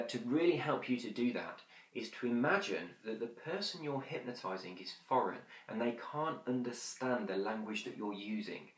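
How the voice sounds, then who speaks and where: In an echoey room, a man with a medium-pitched voice teaches hypnosis conversationally. He talks fast and chattily, using lots of fillers, but drops into slow, whispered demonstrations at times.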